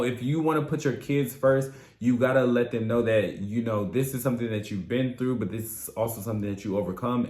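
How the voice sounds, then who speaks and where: A man's voice: fairly low pitch, echoey room. A man hosting a casual recap of a reality TV show, sassy and blunt, with profane slangy asides. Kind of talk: casual video recap commentary.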